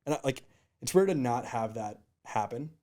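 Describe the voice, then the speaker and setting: A man's voice: medium pitch, moderate pace. A man in his thirties, a startup founder, telling stories casually in an interview and acting out what people said. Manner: animated, acts out quotes in raised voices.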